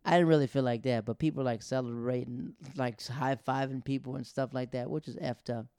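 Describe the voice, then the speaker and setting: A man tells stories in a loose, chatty comedic way, with plenty of "like" fillers. His voice is gravelly and sits mid-pitched for a man. It is recorded dry, with no room sound. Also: fairly even intonation, brisk, dark tone, no room sound. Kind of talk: casual comedic storytelling.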